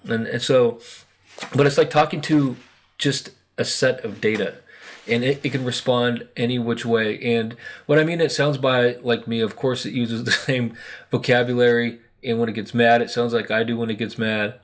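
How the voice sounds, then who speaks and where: A man's voice: medium pitch, steady tone, moderate pace. An American man talking casually to camera about spiritual energy, rambling with many fillers and acted-out quotes. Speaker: spiritual video host. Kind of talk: casual monologue.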